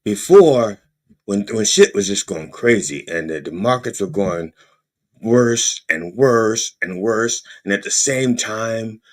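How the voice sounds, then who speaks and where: A man hosting a podcast, delivering an animated, profane comedic political rant with frequent stammered restarts. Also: lowish voice, takes it slowly. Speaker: podcast host.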